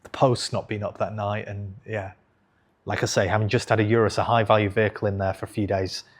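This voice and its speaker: A man's voice: on the low side, little pitch movement, a little fast. A man in his thirties telling a personal story to camera in a frank, conversational way, swearing casually and correcting himself as he goes. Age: 30s. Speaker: investing channel host.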